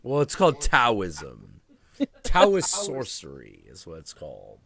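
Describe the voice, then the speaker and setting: A man in his thirties hosting a casual stream chat, telling stories in an animated, profane way. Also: medium pitch, takes it slowly. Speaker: host.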